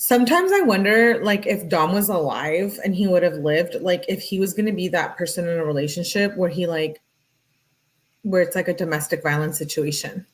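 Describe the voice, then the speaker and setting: Reading through texts, a woman comments on a true crime case in a chatty, earnest, emphatic way, leaning heavily on "like." Her voice is lowish and expressive at normal speed, and the audio quality is poor.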